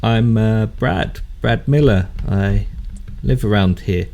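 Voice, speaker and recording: A man voicing a gruff, stocky, bearded fisherman who talks haltingly and plainly in a tabletop game. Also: lowish voice, mellow, a little hiss or hum. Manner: hesitant, laconic small-town speech. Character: stocky bearded middle-aged male fisherman, plain-spoken.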